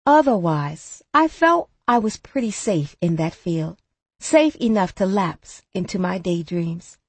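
Husky woman reading a memoir. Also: lowish voice, big pitch swings, no echo. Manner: measured, reflective storytelling. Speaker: audiobook narrator. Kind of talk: scripted memoir narration.

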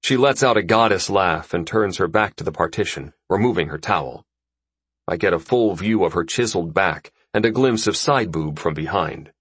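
Low, husky male audiobook narrator. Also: expressive, normal speed, fairly bright tone, no room sound. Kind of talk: first-person story narration.

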